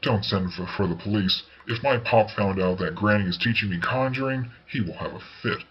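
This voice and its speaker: A man's voice: on the low side, moderate pace, muffled recording, lightly acted. A man reading a storybook voices a worried young boy who pleads with the adults. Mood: anxious. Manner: anxious, pleading.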